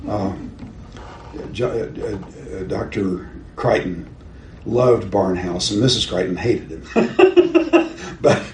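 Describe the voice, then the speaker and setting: An older man teaches a Bible class conversationally, asking his listeners questions and chuckling at his own stories. His fairly low voice is very animated yet slow, and the room sounds roomy with faint background noise.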